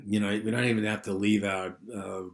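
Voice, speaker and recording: A man's voice: on the low side, level tone, brisk, creaky. A man giving an unscripted university lecture, rambling with many fillers and restarts.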